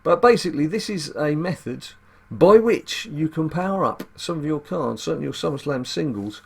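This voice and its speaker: A man with a gravelly voice giving casual, wry commentary as he plays a card game and explains tactics. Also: a little high. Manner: chatty and wry, muttering asides to himself. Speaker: gaming channel host.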